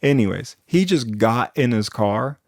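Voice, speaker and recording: A man's voice: mid-range voice, animated, measured pace, creaky, dry recording, studio quality. A young man improvising rambling comic stories, full of fillers and frequent chuckles. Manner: rambling, chuckles between lines, lots of fillers. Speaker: storyteller.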